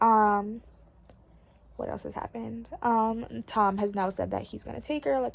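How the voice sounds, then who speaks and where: A young woman book vlogger gives casual reading updates at home while doing her laundry, chatty and gushing with lots of fillers. Her voice is a little high with vocal fry, steady in tone at normal speed, in a noisy home recording with a washing machine in the background.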